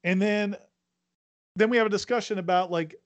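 High-voiced man, rambling, dry dull sound. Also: fairly even intonation, normal speed, no echo. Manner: rambling, full of fillers. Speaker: sports talk co-host. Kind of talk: casual sports radio chat.

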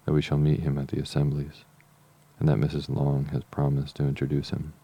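Elizabeth, a sensible young woman, read by a deep-voiced man. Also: completely flat delivery, a little fast, dark tone, husky, heavily acted. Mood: calm. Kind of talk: audiobook reading.

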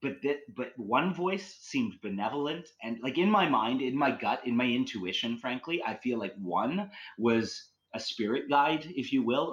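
A man's voice: mid-range voice, lo-fi sound. A man telling ghost stories as a podcast guest, rambling with many likes and restarts. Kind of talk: casual storytelling.

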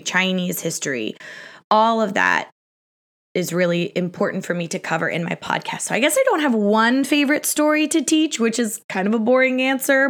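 A young adult woman hosts a history podcast, answering listener questions in a casual, chatty Q&A. She laughs often and pokes fun at herself, speaking in a mid-range, fairly bright voice.

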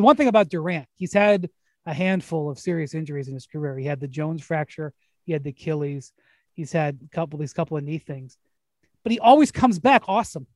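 Male host, high-pitched, loose rambling anecdotes, dry mic. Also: a little mellow, no echo. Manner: rambling storyteller, frequent restarts and laughs. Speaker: podcast host. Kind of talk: casual sports chat.

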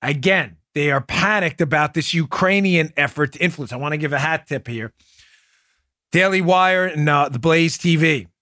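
A man's voice: on the high side, moderate pace, bright, forceful tone, no room sound, studio quality. A male podcast host giving mocking political commentary, reacting to clips with sarcasm and laughter.

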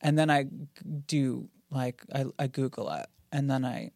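A woman hosting a podcast in casual chat, animated and playful, acting out quotes in funny voices. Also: extremely low pitch, moderate pace, no room sound, clean studio sound.

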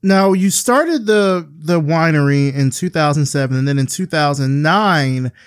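A man hosting a podcast, asking his guest unhurried, measured questions. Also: a little high, lively intonation, smooth, no room sound, studio quality. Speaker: podcast host. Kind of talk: interview questions.

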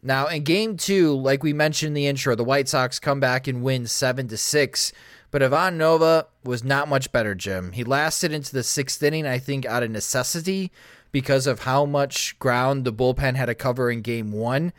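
A man hosting a casual sports talk show, running through stats briskly and turning questions to his co-host. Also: mid-range voice, dry recording, studio quality. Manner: brisk, stat-heavy, addresses co-host. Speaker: podcast host.

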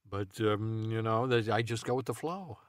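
A man improvising absurd comedy in a rambling, deadpan way, full of ums and uhs. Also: on the low side, moderate pace, no room sound, clean studio sound.

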